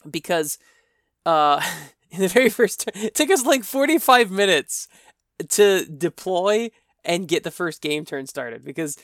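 A man's voice: fairly high pitch, animated, moderate pace, fairly bright tone, no echo, studio quality. A man hosting a casual solo podcast, telling a story in a chatty, rambling, wry way. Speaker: podcast host.

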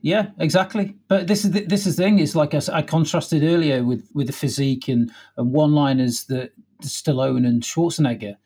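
Husky guy, kinda high voice, telling movie trivia on a podcast. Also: brisk. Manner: animated storyteller, hums music cues. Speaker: podcast co-host. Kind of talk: casual film discussion.

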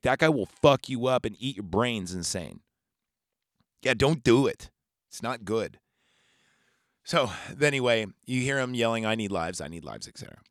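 A man's voice: medium pitch, no room sound, studio quality. A man recapping a movie on a podcast in a casual, rambling, profane and jokey way. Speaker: podcast host.

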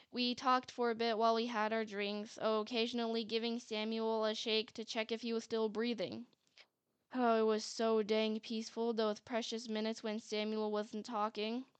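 A woman's voice: on the high side, clean tone, no echo. A woman narrating a story in a chatty manner, with sarcastic asides. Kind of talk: scripted narration. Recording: faint music bed.

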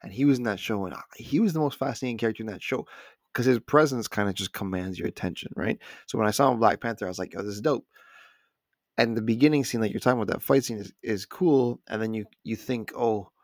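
A man with a fairly low voice, talking about a film in a laid-back, conversational way. He retells scenes by quoting the characters. The sound is dry and close-miked. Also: fast, dry recording. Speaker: podcast co-host. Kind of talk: casual film discussion.

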